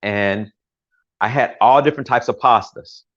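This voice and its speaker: A man's voice: mid-range voice, normal speed, lo-fi sound. An older man from the United States hosting a casual cooking livestream in his home kitchen, talking in a chatty, rambling way with jokes and self-corrections.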